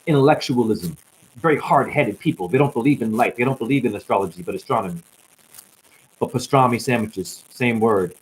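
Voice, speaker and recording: On a livestream with a static-laden mic, a man of medium pitch delivers a rambling, rhyming spiritual monologue punctuated by bursts of whoops. He's expressive and a little fast, yet sounds tired and drained, and the recording quality is low.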